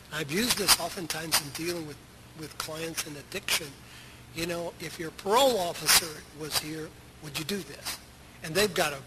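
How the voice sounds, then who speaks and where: A middle-aged man preaching a sermon as pastor of a church, talking conversationally and asking his listeners many questions. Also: on the high side. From United States. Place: church sanctuary. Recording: loud background noise.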